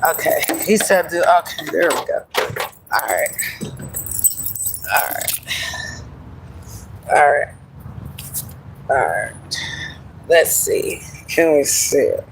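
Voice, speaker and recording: A woman's voice: low-pitched, very animated, slow pace, vocal fry, long pauses, distant mic, noisy background. A middle-aged woman chatting casually on a livestream, rambling and laughing often, calling listeners honey. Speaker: livestream host.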